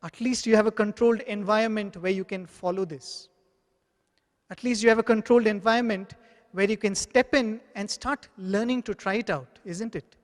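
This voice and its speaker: A man's voice: high-pitched, normal speed. A man giving an earnest devotional talk, telling anecdotes and acting out the dialogue in them. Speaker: spiritual speaker. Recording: long hall reverb.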